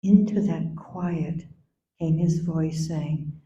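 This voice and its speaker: An older woman, a mother giving a eulogy at a memorial gathering, speaking slowly and tenderly, now and then singing a line softly. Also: fairly low pitch, steady tone. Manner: slow, gentle and tender, sometimes singing softly. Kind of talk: memorial speech. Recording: echoey hall, dull sound.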